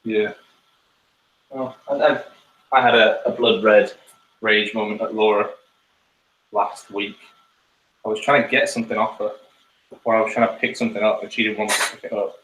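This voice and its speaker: A man's voice: fairly low pitch, level tone, normal speed, long pauses, a bit bright, reverberant, recorded from a distance, poor audio. A man co-hosting a podcast, trading dry, teasing banter in casual chat. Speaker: podcast co-host.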